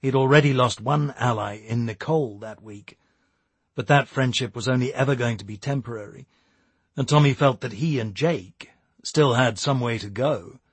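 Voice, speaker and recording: A man giving steady, measured scripted narration of a novel. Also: medium pitch, slightly rough, dry recording. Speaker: audiobook narrator.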